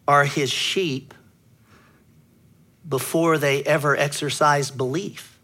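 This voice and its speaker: Bright-voiced man preaching a sermon. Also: on the high side, steady tone, slow pace, long pauses. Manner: earnest teaching with frequent throat clearing, emphatic on key words. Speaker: pastor.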